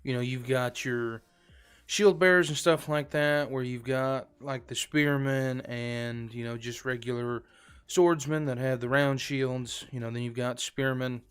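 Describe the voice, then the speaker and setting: A man's voice: mid-range voice, fairly even intonation, a little slow, smooth. A man streaming a game live, chatting casually to viewers in a rambling, filler-heavy way. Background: faint background music.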